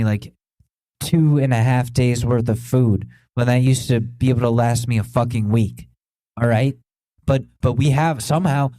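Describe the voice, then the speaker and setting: A man's voice: mid-range voice, mellow, no room sound, poor audio. An American man in his thirties hosting a podcast, ranting with heated, profane indignation. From United States. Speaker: podcast host. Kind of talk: opinion rant.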